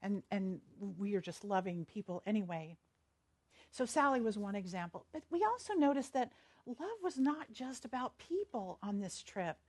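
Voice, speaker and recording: A woman's voice: mid-range voice, animated, moderate pace, a little mellow. A woman minister, giving a chatty, storytelling sermon and laughing easily. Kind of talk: conversational sermon.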